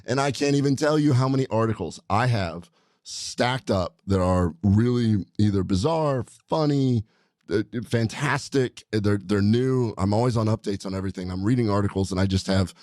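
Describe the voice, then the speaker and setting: A man with a lowish voice hosts a casual podcast chat in a studio. He rambles along in an upbeat, excited way. The sound is close and dry. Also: normal speed, dry recording. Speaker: podcast host, doctor.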